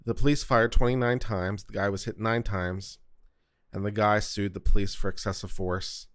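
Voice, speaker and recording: A man's voice: on the low side, fairly even intonation, normal speed, fairly bright tone, dry recording, studio quality. A man from South Carolina hosting a casual commentary on court audio, chatty and digressive with jokey asides. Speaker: host reacting to court audio.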